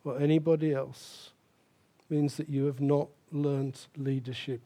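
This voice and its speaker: Slow, mellow-voiced older pastor. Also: male voice, medium pitch, flat delivery. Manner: emphatic, repeats key phrases for stress. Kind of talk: sermon.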